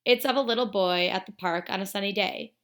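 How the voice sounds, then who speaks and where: A woman teacher reading a novel aloud to students in a steady, expressive storytelling manner. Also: mid-range voice, brisk.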